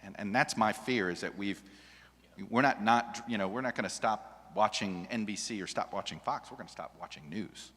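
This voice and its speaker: A television journalist speaking on a panel, animated and often restarting his sentences. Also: on the low side, normal speed. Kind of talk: panel discussion. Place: large hall with an audience. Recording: long reverb of a large hall.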